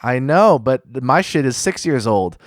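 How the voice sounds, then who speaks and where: A man hosting a podcast who talks in a measured, reflective way, often pausing with fillers as he works through his thoughts. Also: medium pitch, animated, no room sound, clean studio sound. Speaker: podcast host. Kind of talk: casual podcast conversation.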